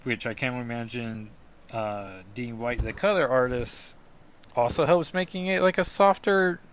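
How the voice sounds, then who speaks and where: Chatty man, podcast comic reviewer, rambling asides, middle pitch. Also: unhurried, slight background noise. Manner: rambling, self-deprecating, full of fillers and asides. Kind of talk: casual comic book review talk.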